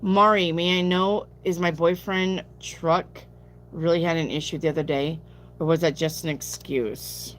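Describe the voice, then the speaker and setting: Brief: lower-voiced woman, sleepy live-stream tarot reader, blunt casual answers, faint hum behind. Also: fairly even intonation, a little slow. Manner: chatty, reads viewer questions aloud and answers bluntly. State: sleepy, yawning.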